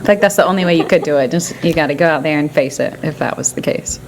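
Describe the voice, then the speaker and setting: A woman podcast co-host with a low, gravelly voice who agrees and supports the guest. Loud clicking noise runs under her. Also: fast talker. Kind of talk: casual chat.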